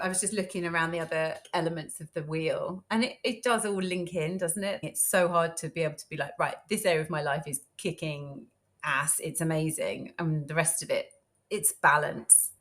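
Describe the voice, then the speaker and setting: A woman's voice: sits low, steady tone, normal speed, a bit bright. A middle-aged woman, a podcast guest, chatting casually and acting out little quotes as she tells stories. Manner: chatty, storytelling with acted-out quotes.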